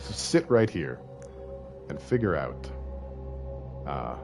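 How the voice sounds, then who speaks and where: With music in the background, a late-30s Canadian man speaks slowly in a very deep, sing-song voice and a Canadian accent. Streaming a video game, he chats with viewers, joking and self-deprecating.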